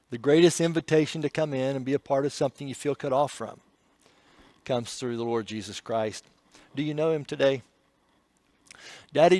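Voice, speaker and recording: A man preaching a sermon, telling an emotional story and shifting between hushed passages and loud, pleading ones. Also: medium pitch, no room sound.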